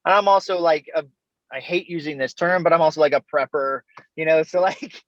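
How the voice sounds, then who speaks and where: A man's voice: a little high, fairly quick, no room sound. A man who is a guest on a podcast, telling his story in an easygoing, chatty way and laughing often. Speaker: interview guest, Army veteran. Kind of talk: casual storytelling in an interview. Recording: dull, dry remote call audio.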